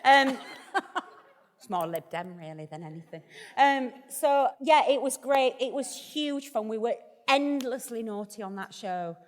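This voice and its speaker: A woman's voice: on the high side, animated, moderate pace, few pauses, long reverb tail. A woman vicar as the guest in a live stage conversation, chatty, jokey and self-deprecating. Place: festival event hall.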